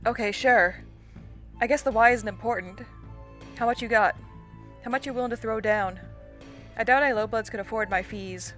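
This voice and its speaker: A woman doing a big, fierce troll girl with no patience for anyone, snapping out short, scornful lines. The voice is bright and edged, close to the reader's own, in a visual novel read aloud. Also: on the high side, normal speed, long pauses, faint music behind, lightly acted. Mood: blunt. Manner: blunt, impatient and scornful. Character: large fierce troll girl, blunt and impatient.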